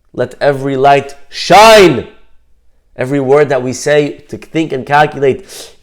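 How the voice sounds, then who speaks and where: A man giving a storytelling talk, lively and acting out the people he describes. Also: mid-range voice. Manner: animated, acts out the people in his story. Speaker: speaker.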